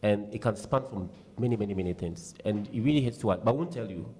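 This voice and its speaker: Quick ghanaian guy on radio, heartfelt, talks fast about feelings. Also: fairly low pitch, slight background noise. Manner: fast, heartfelt, animated storytelling. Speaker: radio show guest. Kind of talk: candid radio talk. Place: radio studio.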